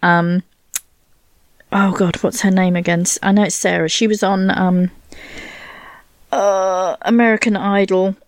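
A woman's voice: mid-range voice, steady tone, a little slow, pauses often, no room sound, clean studio sound. A woman radio DJ chatting casually and rambling between songs, with self-mocking, playful asides.

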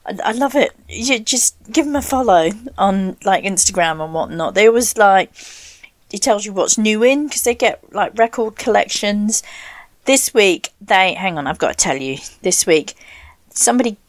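Woman, radio host, casual rambling chat, self-mocking, mid pitch, dead dry close-miked sound. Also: expressive, moderate pace, no room sound. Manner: rambling, self-deprecating, laughs and asides, drops to whispers. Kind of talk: casual chatty radio presenting. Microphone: desk mic, knocked often.

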